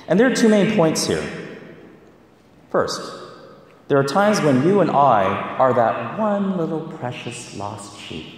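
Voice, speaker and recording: A deacon delivers a homily at an unhurried pace, his voice climbing and dropping in expressive swings. He sounds distant from the mic, and a large church rings with echo around every phrase. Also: medium pitch. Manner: slow, measured preaching with lively rises and falls. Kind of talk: sermon. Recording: echoey church from far off.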